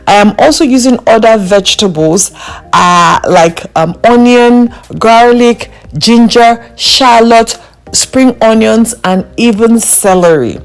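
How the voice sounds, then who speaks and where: A young woman vlogger walking through a recipe in her home kitchen, emphatic and playful, repeating the key steps for emphasis. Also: mid-range voice. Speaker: cooking vlogger. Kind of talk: recipe walkthrough.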